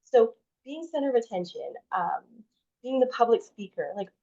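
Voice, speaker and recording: A woman's voice: fairly high pitch, expressive, normal speed, dark tone. Chatty woman, dull lo-fi podcast audio. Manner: chatty, heavy use of "like", frequent restarts. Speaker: podcast guest. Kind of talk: personal storytelling in a podcast interview.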